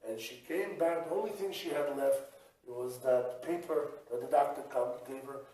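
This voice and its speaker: A man serving as a rabbi and yeshiva supervisor, telling a story in a religious lesson in an animated, halting way with many restarts. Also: mid-range voice. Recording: echoey room, mic at a distance.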